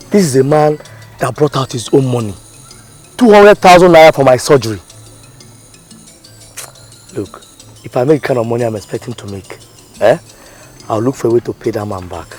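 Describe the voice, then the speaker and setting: A man's voice: mid-range voice, darkish tone, natural voice. A man with a Nigerian accent playing an earnest young man, speaking in a film scene. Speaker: young man leaving for the city. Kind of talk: film acting.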